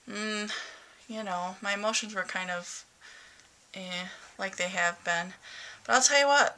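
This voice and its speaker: A woman with a medium-pitched, sharp-toned voice keeps a casual video diary in her bedroom at home. She chats candidly about her day and slips into a sing-song voice with her cat.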